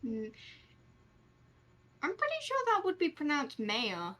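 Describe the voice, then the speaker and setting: A woman's voice: very high-pitched, wildly swooping pitch, unhurried. A young woman chiming in with short replies while a friend streams a game. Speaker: stream co-player. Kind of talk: casual game-stream chat. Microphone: streaming mic. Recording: loud static hiss, poor stream mic.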